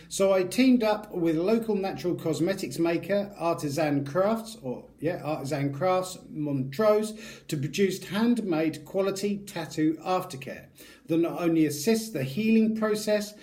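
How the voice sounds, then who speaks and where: A man voicing a product ad in a deliberately bad mock Scottish accent, hammy and self-mocking. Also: on the high side, a little mellow, lightly acted.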